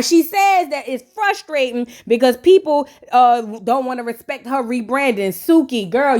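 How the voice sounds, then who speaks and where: A woman giving a blunt, slang-filled recap of a reality show, acting out quotes as she goes. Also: high-pitched. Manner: sassy, blunt, slangy, acts out the cast's quotes. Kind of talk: casual recap with commentary.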